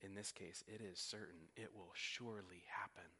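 Bright-voiced man preaching a sermon. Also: deep voice, steady tone, moderate pace, husky. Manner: earnest teaching with frequent repeated words. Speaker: pastor.

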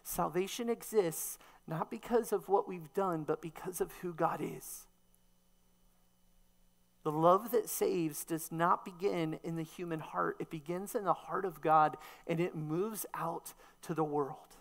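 A woman's voice: on the low side, a little slow. A woman preacher delivering a sermon, teaching emphatically and posing rhetorical questions.

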